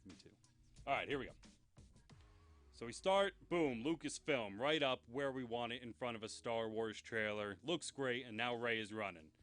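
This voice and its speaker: A man's voice: medium pitch, fairly bright tone. A young man hosting his own pop culture news show, chatting in a rambling, enthusiastic way. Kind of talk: casual solo show.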